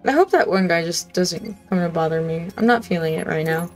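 Over soft background music, a woman with a lowish, slightly mellow voice talks briskly while hosting a gaming channel, doing let's-play commentary. She chats to herself, hums, reads in-game text aloud, and gets startled easily, laughing at her own scares.

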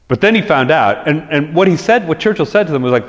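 A man giving a conversational history lecture to an audience, animated, acting out quotes in lively voices, with frequent restarts. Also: a little high, fast talker, hardly any pauses. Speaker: resident historian giving a talk. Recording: lecture hall reverb.

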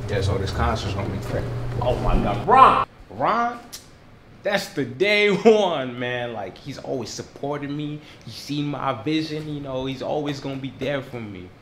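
A man's voice: medium pitch, sing-song, measured pace, pushed and bright, a little hiss or hum. A man playing a boastful wannabe rapper. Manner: boastful, chanting his own name. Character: cocky wannabe young male rapper. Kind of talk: comedy mockumentary acting.

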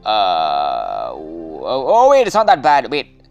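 Excitable woman narrating her gameplay. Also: very deep voice, slow, soft background music. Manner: excitable, anxious, often says "dude". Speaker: gaming video host. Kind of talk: casual gameplay commentary.

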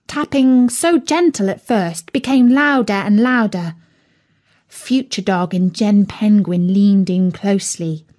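Slow, expressive woman storyteller. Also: medium pitch. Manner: slow, clear, expressive reading. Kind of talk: storybook narration for learners.

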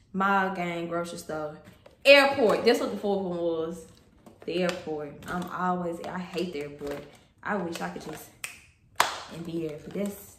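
A woman's voice: fairly low pitch, noisy background. A young woman chatting casually in her fashion haul vlog, playful and slangy, often laughing. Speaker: fashion vlogger. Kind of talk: casual haul video chat. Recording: echoey room.

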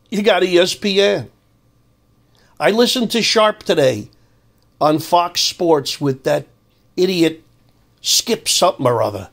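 A man's voice: on the high side, animated, takes it slowly, long pauses. Heated older man ranting. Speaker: commentator. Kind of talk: angry monologue.

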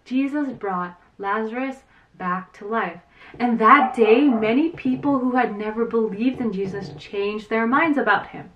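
Animated woman retelling a Bible story. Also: a little high, a little slow, distant mic, dull audio. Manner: animated storyteller acting out quotes, with fillers. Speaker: children's Sunday school teacher.

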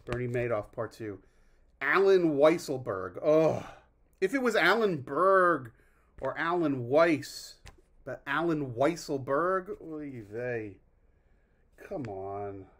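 A man's voice: a little high, animated, slow pace, fairly bright tone. A man hosting his own vlog, rambling in a wry, self-deprecating way with mock groans and asides. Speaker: vlog host. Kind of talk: casual rambling monologue.

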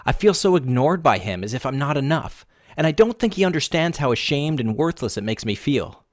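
A desperate wife, played by a man, pleads in a shaky, tear-choked voice pitched well above his own. The sound is close and dry, with no room around it. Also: very animated, fairly quick, dry recording, close to an everyday voice. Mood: tearful. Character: sobbing, desperate married woman.

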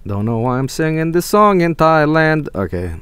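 Young man, Swedish accent, excitable streamer, animated pitch, smooth dry voice. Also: normal speed, no room sound. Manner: excitable, swearing, thinking aloud. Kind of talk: casual gameplay commentary.

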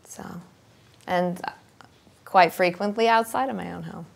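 Open, chatty actress with a lowish voice. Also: female voice, unhurried, gravelly. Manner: open, straightforward, talkative; animated, sometimes laughing, thinking aloud with ums. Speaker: actress and accent coach. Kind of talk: casual interview talk.

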